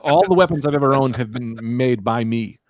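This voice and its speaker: A man on a casual comedy podcast, telling rambling, animated stories from his childhood. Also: mid-range voice, a little fast, dry recording, clean studio sound. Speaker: comedian guest.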